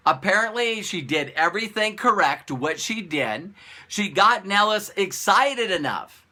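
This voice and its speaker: This business coach delivers an informal motivational talk to camera in a high voice at a measured pace. He's animated, with repeated phrases and rhetorical questions.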